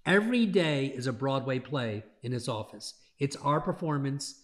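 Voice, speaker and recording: A man's voice: medium pitch, lively intonation, moderate pace. A man hosting an interview podcast, enthusiastic and encouraging toward his guest. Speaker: podcast host, dentist. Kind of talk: conversational interview.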